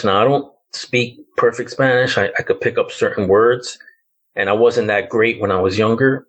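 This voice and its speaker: A man's voice: fairly low pitch, breathy edge, low-quality recording. A man around fifty, from the Bronx, telling a personal ghost story as a podcast guest in a loose, hesitant way, full of "like" and "um.". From the Bronx, New York.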